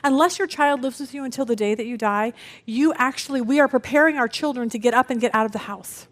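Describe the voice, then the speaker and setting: A middle-aged woman teaching a women's Bible study, telling family stories with expressive, acted-out voices. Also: on the high side, quick pace.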